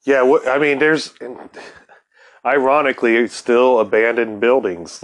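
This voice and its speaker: A middle-aged man hosts a casual podcast chat, his talk rambling and thick with swearing. He speaks at a middling pitch, in an unfussy, conversational way. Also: measured pace. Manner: profane, rambling, heavy swearing. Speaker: podcast host.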